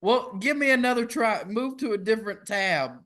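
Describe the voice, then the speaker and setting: A man's voice: high voice, lively intonation, moderate pace, bright, forceful tone. A man, co-hosting a podcast in casual, joking, playfully incredulous chat. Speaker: podcast co-host.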